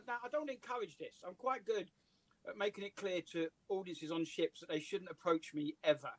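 Brief: English comedian, high-pitched, dry close sound, animated storyteller on a call. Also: male voice, fairly quick, no room sound, low-quality recording. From England. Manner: animated anecdotes, voices and laughs. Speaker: comedian guest. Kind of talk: casual storytelling interview.

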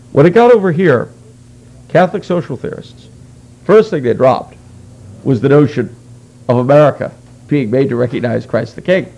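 A man with a heavily gravelly, creaky voice talks through history like a lecture in conversation. He explains at length in an earnest tone and drops dry, wry asides along the way. His pitch sits in an ordinary middle range for a man. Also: darkish tone, rough recording. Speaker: guest speaker.

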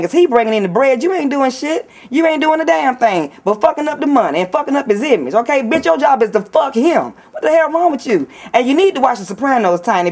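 A woman with a Southern accent ranting in a brash, profane, mocking vlog while sitting in a nail salon. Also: medium pitch. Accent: Southern US, Atlanta area. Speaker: vlogger.

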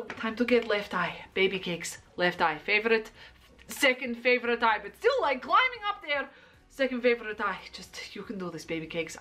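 Young female vlogger, bright and high-pitched, animated delivery, jokey and dramatic. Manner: playful, theatrical, self-narrating in third person. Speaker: makeup vlogger. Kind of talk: chatty makeup tutorial.

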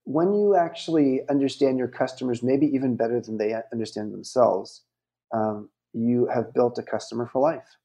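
A middle-aged man speaks as a guest on a podcast interview, his voice mellow and warm at an ordinary pitch. He talks in measured, reflective phrases, now and then pausing with an um.

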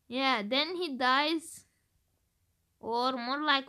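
A woman's voice: high voice, slow pace, bright, forceful tone. A woman from Romania chatting casually about her game predictions, thinking aloud with hesitant restarts. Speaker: gaming video creator. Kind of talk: casual game-theory chat.

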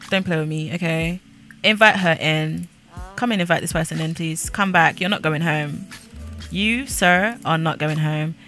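A woman's voice: fairly low pitch, a bit bright. A woman giving casual, sassy commentary while playing a life-sim game, chatty and nosy. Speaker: gaming creator.

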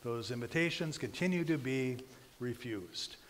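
A man preaching a sermon as pastor, telling a story in a relaxed, conversational way with frequent fillers. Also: medium pitch, a little slow. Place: church. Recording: reverberant church hall.

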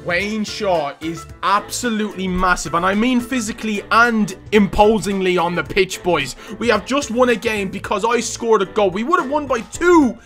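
Excitable high-voiced gamer guy. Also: normal speed, hardly any pauses, soft background music. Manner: loud, boastful, laughing, shouts at big moments. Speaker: gaming youtuber. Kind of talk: excited gameplay commentary.

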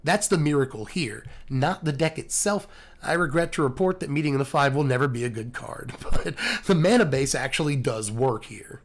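A man hosting a video, hoarse and scratchy from laryngitis, rambling and joking through his sign-off. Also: mid-range voice, moderate pace. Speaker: host. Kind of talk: casual video outro.

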